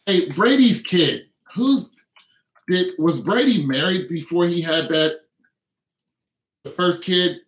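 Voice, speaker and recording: Speaking slowly with long pauses but in an animated way, this livestream host rambles through a casual stream in an echoey room. He mocks and jokes, bursting into laughs and goofy high-pitched voices.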